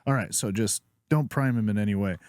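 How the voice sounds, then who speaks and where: A man's voice: on the low side, brisk, no room sound, clean studio sound. A man with a Pacific Northwest accent, co-hosting a comedy podcast and telling stories in a loose, joking way, acting out what others said. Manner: animated storyteller who acts out quotes. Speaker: podcast co-host. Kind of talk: casual comedic chat.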